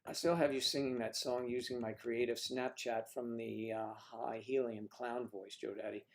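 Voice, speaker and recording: The speaker, a man from the northern US, hosts a casual livestream where he chats, cracks jokes and reads viewer comments aloud. He talks at a moderate pace in a medium pitch with little pitch movement.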